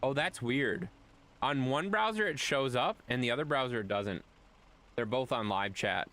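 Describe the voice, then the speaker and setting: A man livestreams a game at medium pitch and normal speed, chatting casually with viewers. He's animated and playful, repeating phrases as he goes.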